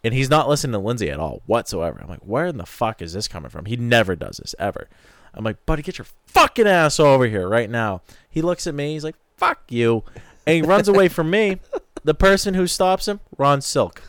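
A man telling a story on a podcast, his pitch leaping around as he acts out what people said and cursing freely. The sound is dry and close. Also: quick pace, no echo. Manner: animated storyteller, swears freely, acts out quotes. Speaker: podcast co-host. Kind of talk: casual chat.

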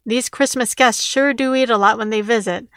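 A woman's voice: on the high side, fairly even intonation, moderate pace, a bit bright, dry recording, clean studio sound. A woman reading the lines of an easygoing, hospitable man, in a storybook reading. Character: easygoing helpful man in the kitchen.

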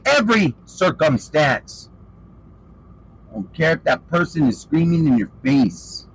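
A man's voice: a little high, moderate pace, a little mellow, slight background noise, rough recording. A man preaching an informal sermon, fervent and calling listeners out with rhetorical questions. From western United States.

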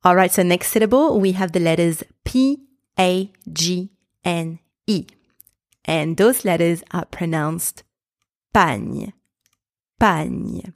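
A woman hosting a podcast lesson, slowly and carefully breaking words into sounds and repeating them for listeners to copy. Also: fairly low pitch, darkish tone, dry recording, clean studio sound. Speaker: podcast host and pronunciation teacher.

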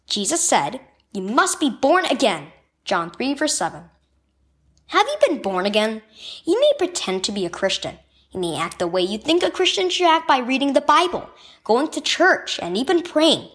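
Female narrator for a kids' devotional, high voice, very animated reading. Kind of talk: scripted narration of a children's devotional.

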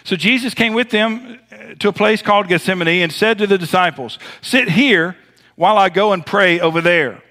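A man from the American South with a Southern accent, preaching a sermon as pastor with dramatic pauses and big swings in loudness. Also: sits high.

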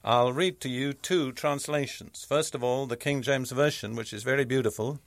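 Measured, emphatic male Bible teacher. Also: mid-range voice, dry recording. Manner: measured, emphatic teaching, reading scripture aloud. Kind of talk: sermon.

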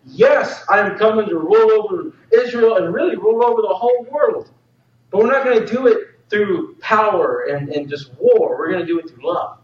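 A man's voice: high-pitched, moderate pace, close to an everyday voice. A man preacher voicing a laid-back male teacher who sets his friends straight in easygoing slang. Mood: reassuring. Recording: roomy hall, distant dull mic.

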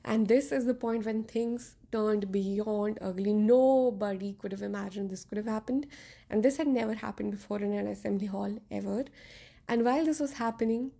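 A woman's voice: medium pitch, normal speed, creaky, warm tone. A woman podcast host retelling an epic story in a casual, conversational way with frequent fillers.

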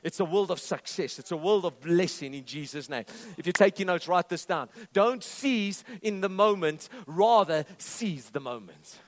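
A man preaching a sermon to a congregation, impassioned, with swings between loud declarations and low intense tones and some playful humorous asides. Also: animated, moderate pace, few pauses.

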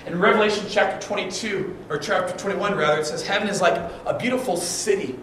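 A man's voice: high voice, fast talker. Pastor guy preaching, acts out the back and forth, voice bounces around a big echoey room, mic kinda far. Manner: animated, acts out dialogue with stammered restarts. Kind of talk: storytelling sermon. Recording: very echoey room, distant mic, background noise.

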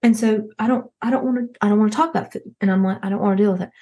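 Woman doing a rambling mom character, husky, gossipy, dramatic, petty. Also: medium pitch, very fast, warm tone, dull audio, lightly acted. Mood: exasperated. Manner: rambling, gossipy, full of restarts, acts out others' voices. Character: frazzled wealthy Southern mom, dramatic, petty. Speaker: show's main character. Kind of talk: comedic character monologue.

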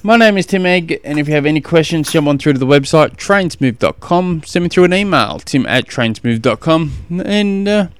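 A man's voice: on the high side, expressive, moderate pace, hardly any pauses, smooth, no room sound. A middle-aged Australian man hosting a podcast, telling stories in a rambling, casual way with lots of restarts. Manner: rambling storytelling with self-corrections and laughs. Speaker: podcast host and coach. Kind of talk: casual chat.

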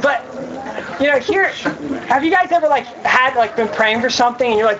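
A woman's voice: fairly high pitch, moderate pace. Chatty woman preaching to youth, tons of "like"s, kinda muffled recording with faint hiss. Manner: chatty, filler-heavy, acts out scenes in voices. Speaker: youth speaker. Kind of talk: casual youth sermon.

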